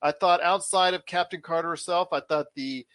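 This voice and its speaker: A man hosting a relaxed pop-culture podcast, his voice sitting a touch higher than most men's. He talks with enthusiasm and rambles a little, often restarting his sentences. The recording is dry and close, with no room sound. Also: fairly quick, no room sound. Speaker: show host. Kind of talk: casual podcast chat.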